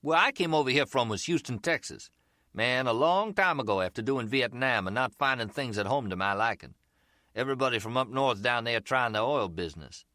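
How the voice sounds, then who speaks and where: Man voicing a smooth-talking middle-aged street hustler, slangy and teasing, bright lively voice, for an audiobook. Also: mid-range voice, a little fast, dry recording, studio quality, voice pushed up. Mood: chatty. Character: slick streetwise male umbrella hustler, middle-aged, easygoing.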